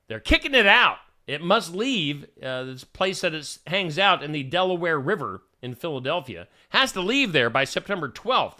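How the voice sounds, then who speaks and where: A man's voice: a little high, bright, forceful tone. A man hosting a morning radio show, reading odd news stories with joking asides in a chatty, casual manner.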